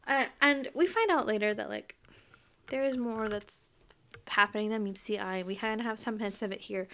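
A woman's voice: a little high, fairly quick, fairly bright tone. A young woman hosting a podcast, talking casually and emphatically about a book, laughing often as she reacts. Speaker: podcast host.

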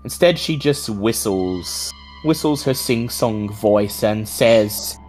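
A woman as game master, narrating a tabletop horror game in slow, suspenseful tones. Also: a bass voice, lively intonation, a little mellow, low-quality recording. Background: faint music.

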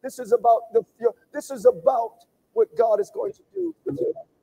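A male pastor leads an impassioned sermon prayer in a fervent, repetitive preaching cadence, swinging from shouts to hushed pleading. His voice is extremely high-pitched, sing-song, husky, and marked by vocal fry at a moderate pace, and the audio quality is poor.

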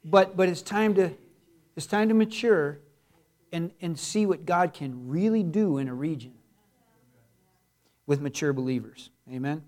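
A middle-aged man, a pastor, preaching a sermon in a church, building to loud, emphatic passages. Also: a little high, unhurried, pauses often. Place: church sanctuary.

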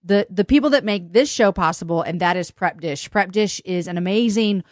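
A woman hosting a casual chat, telling a story in an animated, flustered way, often laughing. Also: lowish voice, normal speed, no echo, studio quality. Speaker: podcast host. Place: log cabin home in the country.

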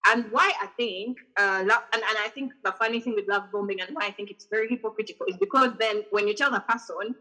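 Talking quickly with few pauses, a woman with a medium-pitched voice hosts a podcast via video call, captured on a rough recording. She shares a personal story in casual conversation, animatedly performing the messages she got.

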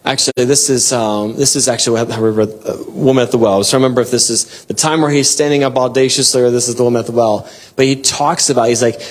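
A man preaching a devotional sermon and reading scripture, earnest and exhorting, with bursts of excitement and soft laughs. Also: mid-range voice, quick pace, few pauses.

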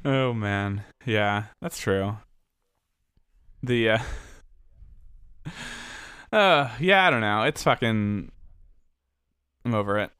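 A man co-hosting a podcast, chiming in with dry, wry remarks and easy laughter. His mid-pitched voice is smooth and clear, recorded close and dry with no room sound. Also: expressive, slow, pauses often, fairly bright tone, no room sound. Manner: wry interjections, laughs easily. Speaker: podcast co-host. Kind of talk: casual podcast chat.

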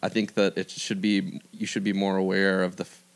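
A young man speaking earnestly in a casual podcast chat, halting and restarting as he thinks. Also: sits low, flat delivery, creaky.

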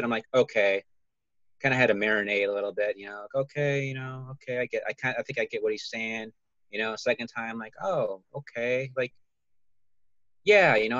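A man's voice: fairly low pitch, a bit bright, no echo, muffled recording. A man co-hosting a casual podcast, rambling and padding his talk with "you know.". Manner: rambling, heavy "you know" filler, laughs often. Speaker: podcast co-host.

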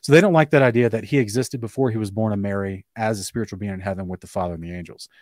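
A man hosting a casual live-streamed discussion, reading scripture aloud in between quick restarts and short chuckles. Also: on the low side, dry recording, clean studio sound. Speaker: host.

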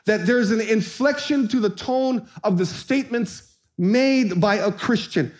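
Male pastor, high-pitched, animated storyteller in the pulpit. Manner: animated storyteller, acts out voices, shouts for comic effect. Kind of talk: sermon with storytelling.

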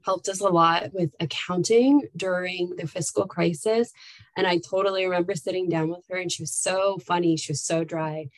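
A woman's voice: lowish voice, steady tone, moderate pace, no room sound, poor audio. A woman who leads a nonprofit, telling candid, heartfelt stories in a casual chat with frequent fillers. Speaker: nonprofit staff leader.

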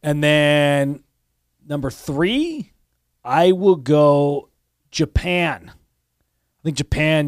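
A man's voice: on the high side, animated, extremely slow, long pauses, clear, resonant tone, no room sound, clean studio sound. Emphatic, teasing podcast co-host man. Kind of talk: casual banter.

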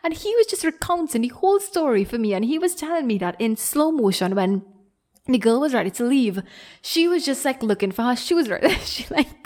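A woman's voice: sits high, moderate pace. A young adult woman hosting a podcast, telling a story in a rambling casual way, full of fillers, laughing often. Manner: rambling, filler-heavy, animated retelling with frequent laughter. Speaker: podcast host.

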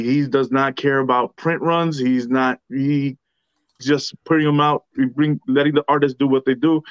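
A man's voice: mid-range voice, clear, resonant tone, no room sound, highs cut off. Laid-back man hosting a podcast. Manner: laid-back, stumbles over names, chuckles. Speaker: podcast co-host presenting comics. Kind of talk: casual podcast chat.

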